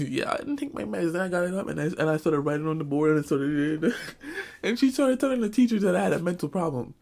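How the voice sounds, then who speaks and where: A man's voice: sits high, expressive, brisk, vocal fry, a little mellow. A young man telling a comic school story in a storytime vlog, acting out quotes. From Jamaican family, Caribbean community. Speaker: vlogger.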